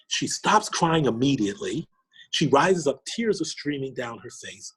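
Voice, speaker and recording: A middle-aged man from New York, a podcast guest, telling a personal story with lively quoted dialogue. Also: medium pitch, normal speed, breathy edge. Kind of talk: storytelling interview.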